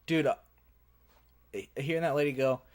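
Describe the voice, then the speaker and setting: A man cohosting a podcast in loose, foul-mouthed banter. His voice sits high for a man, and he talks with excitable energy. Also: normal speed. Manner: excitable, laughing, crude banter. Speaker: podcast host. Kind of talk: casual chat.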